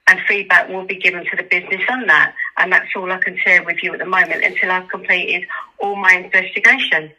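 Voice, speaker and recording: A woman handling a complaint on a customer service call, measured and scripted. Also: on the low side, flat delivery, bright, forceful tone. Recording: tinny phone line.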